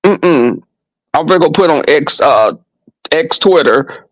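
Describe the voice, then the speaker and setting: A man's voice: a little high, animated, measured pace, no echo, poor audio. A man vlogging, telling crude comedic stories to his viewers in a flamboyant, brash way with lots of swearing.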